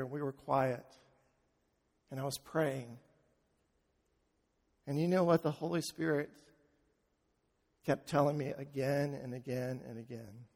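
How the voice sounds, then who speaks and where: A man preaching a sermon as pastor, slow and deliberate, dropping to a hush and swelling to loud emphasis. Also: fairly high pitch. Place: church sanctuary. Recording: long reverb of a large hall.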